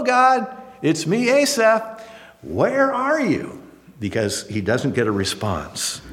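Folksy, animated male Bible teacher. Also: fairly high pitch, in a large hall. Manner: folksy and animated, acts out the psalmist's prayers.

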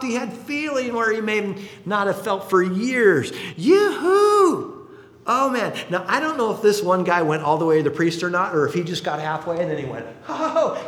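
A man preaching a sermon in an animated way, acting out the people in his stories. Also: high voice. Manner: animated, acts out quotes. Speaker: pastor. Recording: roomy hall reverb.

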